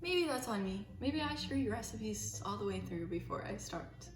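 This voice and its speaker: A woman's voice: medium pitch, animated, moderate pace. A young woman vlogging while she bakes at home, chatty, self-mocking and dramatic. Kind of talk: casual baking vlog chat. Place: home kitchen. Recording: echoey room with faint music.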